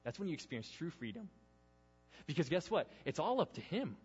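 A man preaching a sermon, earnest, swinging between loud emphasis and hushed intensity. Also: fairly high pitch, sing-song, a little fast, husky. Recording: dull sound with long reverb in a hall.

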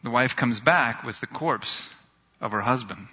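A man on a church's staff preaching a sermon, telling stories earnestly and slowing down when he reads scripture. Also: slightly rough. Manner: earnest, storytelling, rises in pitch when excited, slows for scripture. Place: church sanctuary. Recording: dull sound in a reverberant hall.

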